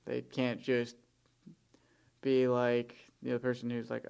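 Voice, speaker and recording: A man's voice: mid-range voice, completely flat delivery, measured pace, creaky, pauses often, a little mellow, clear, resonant tone. A young man talking bluntly and jokingly as a guest on a podcast.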